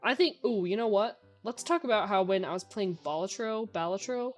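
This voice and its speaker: A woman's voice: medium pitch, lively intonation, brisk, faint music behind. A young woman streamer in a casual Q&A chat, talking in a chatty way with lots of filler words.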